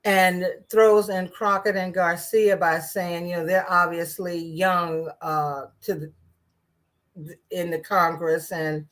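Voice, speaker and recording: A woman's voice: fairly low pitch, little pitch movement, takes it slowly, a bit bright. A woman giving casual political commentary in a sarcastic, rambling way, with many restarts and asides.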